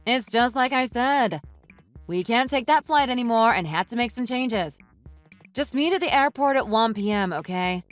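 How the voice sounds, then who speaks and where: A woman's voice: a little high, lively intonation, normal speed, faint music behind, close to an everyday voice. A woman voicing a smug, catty young woman in a texting story voice-over, talking in a mocking, dismissive way. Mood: snide.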